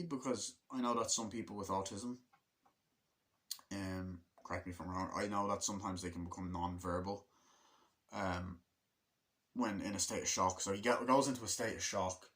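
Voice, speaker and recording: A young man giving a casual spoken film review, rambling, swearing often and acting out scenes in quick quoted voices. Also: fairly low pitch, fairly bright tone. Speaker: movie reviewer.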